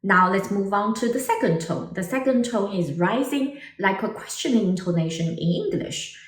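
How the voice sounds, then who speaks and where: Lively woman teaching Mandarin tones. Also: mid-range voice, moderate pace, roomy sound, distant mic. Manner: animated, exaggerated tone demonstrations. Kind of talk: online language lesson.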